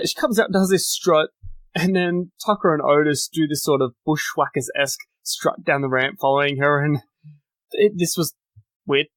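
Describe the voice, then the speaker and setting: A man's voice: fairly high pitch, dry recording. A man hosting a solo podcast, giving a chatty, opinionated recap of the week's wrestling shows. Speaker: podcast host.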